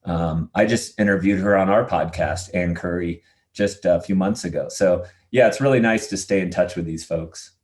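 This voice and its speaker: Animated storytelling man with a low voice. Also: moderate pace. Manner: animated storyteller, acts out quoted voices, laughs easily. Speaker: podcast guest, adventurer. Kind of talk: casual storytelling interview.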